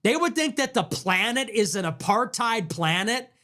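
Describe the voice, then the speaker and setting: A man's voice: sits high, sing-song, normal speed, pushed and bright. Sarcastic, ranting man. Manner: sarcastic and mocking, jumps into mock voices. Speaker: political livestream host. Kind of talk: ranting live-stream commentary.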